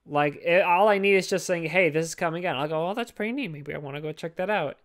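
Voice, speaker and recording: A man's voice: a little high, steady tone, quick pace, fairly bright tone. A young man co-hosting a podcast in casual chat, rambling and jokey, cursing freely and filling his talk with fillers. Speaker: podcast co-host.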